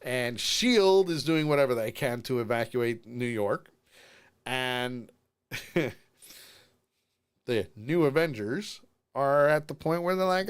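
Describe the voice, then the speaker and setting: A man co-hosting a streamed podcast sounds a little tired, yet his pitch swings widely as he tells the story and jumps into the characters' lines. He laughs often and keeps the talk loose and chatty. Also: slow, long pauses, smooth. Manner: animated storyteller, acts out quotes and laughs often. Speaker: podcast co-host. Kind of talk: casual chat recapping a show. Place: streaming from home.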